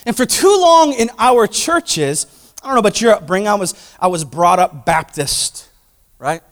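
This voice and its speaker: A man preaching a sermon to his church, animated and conversational, acting out voices and swinging between loud passages and hushed ones. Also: high-pitched, moderate pace. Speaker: pastor.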